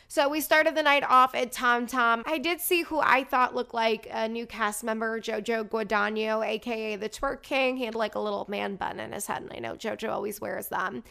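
A woman hosting a podcast, telling a night-out story in a gossipy, animated way. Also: fairly high pitch, moderate pace, creaky, few pauses, clean tone. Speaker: podcast host. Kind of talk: casual chat.

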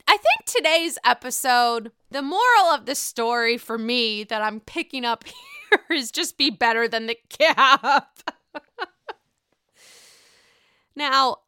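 A young adult woman hosting a casual podcast recap, profane, sarcastic and animated. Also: a little high, smooth, no room sound, studio quality. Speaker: podcast host.

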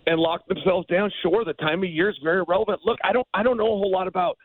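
Male guest, ex-fighter, high voice, rapid animated anecdotes. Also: no room sound, narrow, tinny audio. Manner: animated, emphatic storyteller. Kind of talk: podcast interview storytelling.

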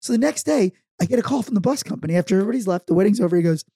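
A man tells stories on a casual podcast. His voice is gravelly and husky with a dark tone, and he acts out quotes loudly. The sound is dry and close. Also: sits high, animated, rapid-fire, no room sound. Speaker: podcast co-host. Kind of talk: casual chat, storytelling.

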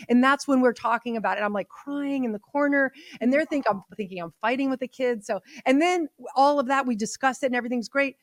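A middle-aged woman chatting as a podcast guest, telling stories in an animated way and acting out what others said. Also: on the high side, dry recording. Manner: chatty storyteller, animated quoting. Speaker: podcast guest, mother of the groom. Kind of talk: casual chat.

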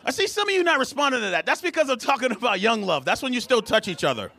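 A man's voice: extremely high pitch, fast, vocal fry, some chatter behind, a little hiss or hum. A man performing a stand-up set, acting out the voices in his stories, with an audience laughing. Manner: animated, acts out voices. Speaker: stand-up comedian. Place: comedy club stage. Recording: live club recording with audience.

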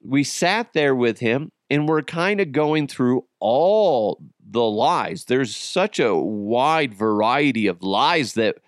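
A man hosting a podcast, telling a family story in a casual, animated way and swearing freely. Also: medium pitch, slow, hardly any pauses, no room sound, studio quality. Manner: animated, swears freely, acts out quoted voices. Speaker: podcast host.

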